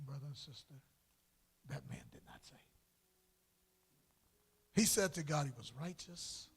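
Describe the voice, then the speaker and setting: Man preaching in church, slow and drawn out, kinda husky, soft then suddenly loud. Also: a little high. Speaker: pastor. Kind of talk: sermon. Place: church sanctuary.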